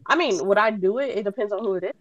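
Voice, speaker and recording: A woman's voice: medium pitch, racing, highs cut off, a crowd in the background. A woman frankly pushing back and swearing in a casual podcast debate. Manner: frank, pushes back, profane.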